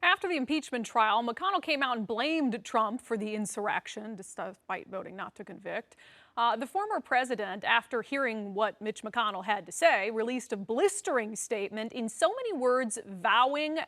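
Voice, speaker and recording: A woman hosting a political news program, presenting in a brisk, conversational way with wry asides. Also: a little high, lively intonation, fairly bright tone. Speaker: news show host.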